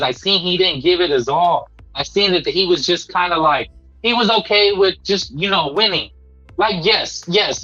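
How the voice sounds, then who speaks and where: A man's voice: high-pitched, pushed and bright, lo-fi sound. A man hosting a boxing talk show, giving casual, emphatic commentary. He repeats himself a lot and keeps saying "man.".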